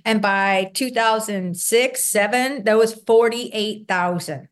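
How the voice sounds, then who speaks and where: A middle-aged woman, a guest in an interview, telling her own story in an earnest, conversational way, often ending points with a quick "right?". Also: medium pitch. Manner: earnest, ends points with tag questions; acts out remembered dialogue.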